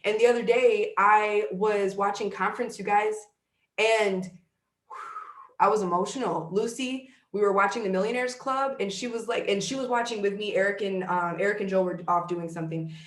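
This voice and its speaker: A woman's voice: medium pitch, normal speed, roomy sound. A woman in her thirties giving a fired-up motivational talk as a guest leader, casual and emphatic, full of "like". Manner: emphatic, conversational, fillers like "like". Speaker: guest network-marketing leader.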